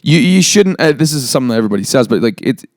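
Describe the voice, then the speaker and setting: A man's voice: medium pitch, lively intonation, rapid-fire, dry recording, studio quality. A man co-hosting a podcast, talking casually, rambling earnestly at times and wry at others. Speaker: podcast co-host.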